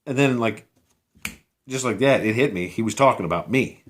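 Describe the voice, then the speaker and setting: A man's voice: medium pitch, moderate pace. A man vlogging outdoors, telling a personal story casually, rambling with many fillers and restarts, sounding incredulous.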